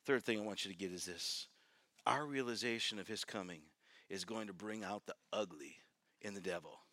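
A man preaching a sermon to a congregation, building from quiet reflection to fervent, repeated appeals. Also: medium pitch, no echo. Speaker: pastor. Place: church.

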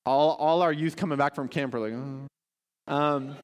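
Man in church pulpit, lively preacher who banters with the room. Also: on the high side, normal speed. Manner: lively, audience-engaging, playful questions. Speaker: pastor. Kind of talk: sermon. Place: church sanctuary.

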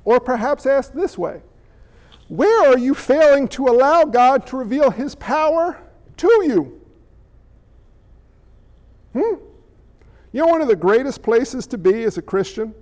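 High-voiced animated preacher man. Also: measured pace, long pauses, highs cut off. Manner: animated storyteller, voices characters, shifts to hushed tenderness. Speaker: pastor. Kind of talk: sermon with acted-out scenes.

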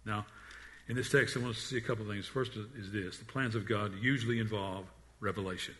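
A man preaching a sermon in an earnest voice, often repeating and restarting words, and dropping to a hush on the quiet lines. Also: on the low side, steady tone, fairly quick. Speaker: pastor.

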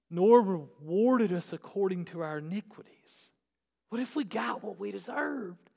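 A male pastor preaching a sermon, swinging between hushed and shouted passages. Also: high voice, animated, unhurried, vocal fry. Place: church sanctuary. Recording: echoey church hall.

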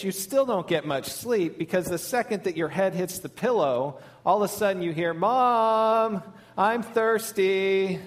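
A male lead pastor giving a sermon, telling a funny story in a warm, storytelling manner. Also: on the high side.

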